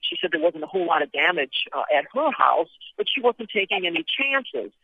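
Gravelly woman reporting over a tinny phone line. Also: lowish voice, fairly quick, dry recording. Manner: vivid, lively reporting with frequent fillers. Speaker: foreign correspondent. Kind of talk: live phone report from the field. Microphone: telephone.

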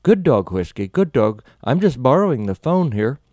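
A man's voice: medium pitch, sing-song, moderate pace, a little mellow, no echo, clean studio sound, lightly acted. A man voicing a woman veterinarian who talks in a soothing, placating tone. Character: calm, nervous woman veterinarian.

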